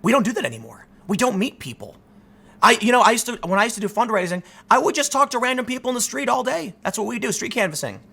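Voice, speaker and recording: A man hosting a commentary show, ranting to his audience in an emphatic, animated way. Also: very high voice, quick pace, creaky. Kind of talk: opinion rant to camera.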